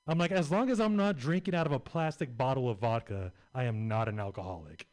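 A man's voice: medium pitch, fairly quick, darkish tone. A young adult man doing a stand-up set, rambling and crude with lots of filler words. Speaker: stand-up comedian.

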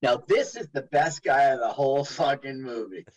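Husky man with a lively voice. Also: mid-range voice, normal speed, low-quality recording. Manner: animated, quotes scenes in put-on voices. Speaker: radio co-host. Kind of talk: casual movie commentary chat.

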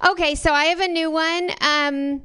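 A woman in her forties doing a dry, awkward, deadpan open mic stand-up set. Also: very high voice, moderate pace. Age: 40s. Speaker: stand-up comedian.

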